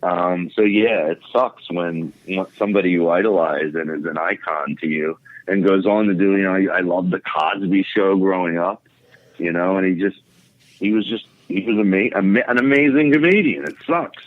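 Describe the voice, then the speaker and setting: A man's voice: low voice, normal speed, no echo. A man, a comedian guest, telling a story in casual, profane chat with lots of fillers, over a tinny phone line. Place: home podcast setup.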